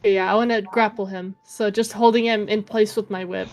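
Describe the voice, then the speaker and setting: A woman's voice: medium pitch, steady tone, normal speed, a little mellow, soft background music. A woman playing a tabletop game, talking casually with hesitant fillers and giggles. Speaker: player.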